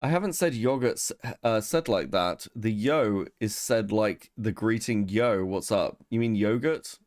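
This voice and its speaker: A man's voice: fairly low pitch, unhurried, a little mellow, dry recording, studio quality. A young man chatting casually on a livestream, joking and swearing as he reads chat. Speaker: streamer co-host.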